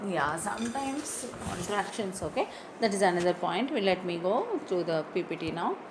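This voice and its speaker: A woman teaching words in an online lesson, slowly spelling words out letter by letter. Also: on the low side, animated, noisy background. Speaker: English teacher.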